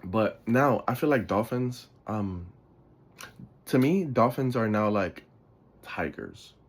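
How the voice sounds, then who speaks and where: With a fairly low, husky voice full of big pitch swings, this man talks slowly. He's a podcast host from the Bronx, New York, yawning and sleepy as he rambles through casual stories in a monologue. He loses his thread and swears casually along the way.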